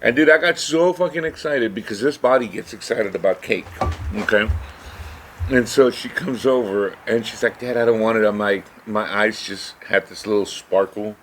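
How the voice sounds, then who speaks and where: Rambling low-voiced man telling a story. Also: normal speed, a bit bright. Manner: rambling, many "right?" asides. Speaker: podcast co-host. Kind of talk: casual storytelling chat. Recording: faint background noise.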